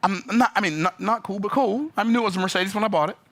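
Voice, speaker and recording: A man tells a story in a lively, emphatic rant. His voice sits a little high and comes across bright and forceful, with sudden jumps in pitch when he gets worked up. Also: rapid-fire. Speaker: business vlogger. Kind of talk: opinionated talking-head rant.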